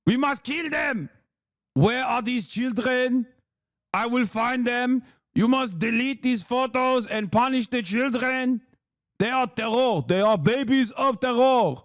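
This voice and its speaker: Guy doing a high shouty furious diplomat caricature, over the top, dry close sound. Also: a little slow, no room sound. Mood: menacing. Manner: shouty, exaggerated, mocking. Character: ranting indignant male diplomat caricature.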